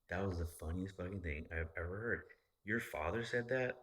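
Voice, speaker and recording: A man with a low, deep voice that still has a forceful, bright edge. He talks casually as a podcast host, rambling and swearing freely, with an animated delivery. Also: normal speed. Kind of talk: casual chat.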